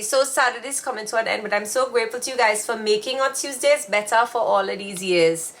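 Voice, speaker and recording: A woman's voice: on the high side, a little fast, hardly any pauses. A woman co-hosting a casual live show, chatting and reading viewer comments aloud. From Jamaica. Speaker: co-host of a weekly live show. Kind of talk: casual live-stream chat.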